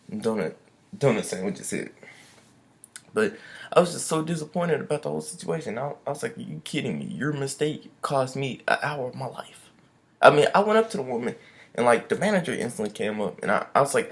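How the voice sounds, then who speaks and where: A young man vlogging a casual storytime rant, loose and chatty, full of "I was like" and slang. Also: mid-range voice.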